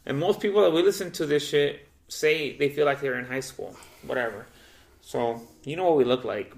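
A young man with a gravelly voice tells stories in a loose, casual podcast chat. He swears freely and acts out the people in his stories by jumping his pitch up and down. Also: moderate pace. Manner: loose and profane, acts out quoted voices with big pitch jumps. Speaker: podcast co-host.

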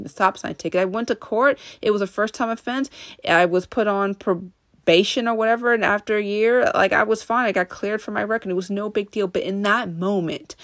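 Woman podcast host, low-pitched, earnest and conversational, talking straight to listeners, dry close mic. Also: no room sound. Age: adult. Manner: earnest, speaks directly to listeners. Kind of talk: self-help podcast monologue.

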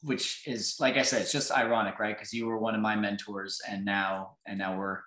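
A man gives relaxed, chatty advice on a live podcast over a video call. His voice sits on the low side. The room around him has a noticeable echo. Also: moderate pace. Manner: casual, conversational advice with fillers. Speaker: real estate coach. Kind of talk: casual live podcast chat. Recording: echoey room.

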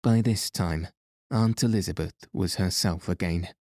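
A man reads a novel aloud in a calm, measured way. His voice is low and mellow, and his pace is slow. The recording is dry and close. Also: dry recording. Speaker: audiobook narrator. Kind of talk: scripted narration of a novel.

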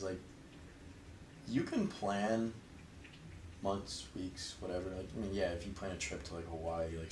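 A man's voice: low voice, echoey room, distant mic, a little hiss or hum, rough recording. A young man chatting casually as an interview guest, rambling and filling his talk with "like". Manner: relaxed, rambling, heavy use of "like". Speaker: interview guest, fraternity member.

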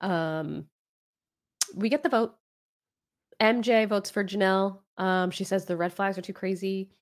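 A woman's voice: medium pitch, steady tone, unhurried. A woman co-hosting a podcast, recapping a reality show in casual chat and mimicking what people said. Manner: chatty, quotes people in playful voices. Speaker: podcast co-host.

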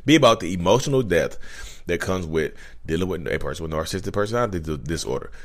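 A man's voice: deep voice, lively intonation, quick pace. A man hosting his own channel, talking casually to viewers, chatty with frequent restarts. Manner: restarts often, chatty, addresses viewers as y'all. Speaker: podcast host. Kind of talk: casual talk to camera.

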